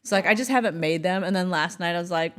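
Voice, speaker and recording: A middle-aged woman co-hosting a casual talk show, chatty with quick asides and frequent laughs. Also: lowish voice, fairly bright tone. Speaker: podcast co-host. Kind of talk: casual chat.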